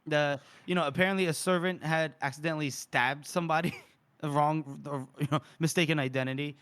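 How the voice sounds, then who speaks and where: A man with a somewhat high voice chats his way through a book recap on a podcast. He rambles, leans on fillers and chuckles as he goes. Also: fairly even intonation, a little fast, a bit bright. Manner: rambling, laughs often, many fillers. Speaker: podcast co-host. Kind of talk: casual book discussion.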